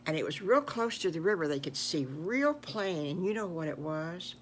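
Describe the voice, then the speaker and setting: A woman's voice: lowish voice, expressive, moderate pace, a little hiss or hum. An older woman telling an improvised children's story in a folksy, exclamatory way. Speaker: grandmother storyteller.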